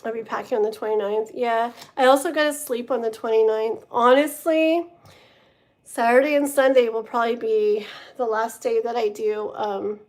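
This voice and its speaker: Chatty, slightly high-voiced woman tarot reader. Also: steady tone, normal speed. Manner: chatty and rambling, reads card meanings aloud. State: tired, strained voice. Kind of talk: casual livestream chat and card reading.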